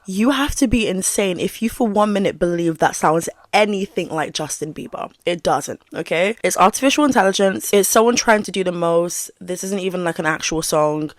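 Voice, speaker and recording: A woman's voice: lowish voice, expressive, moderate pace, few pauses. A woman giving casual commentary on a video channel, speaking frankly and straight to her viewers. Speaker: YouTube commentator.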